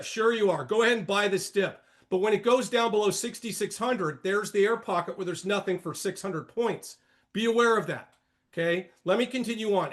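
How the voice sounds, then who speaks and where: Hosting a trading room, this older man speaks in a notably high and fairly bright voice. His commentary plays out like a sermon, blunt and animated, as he hops from warnings to asides.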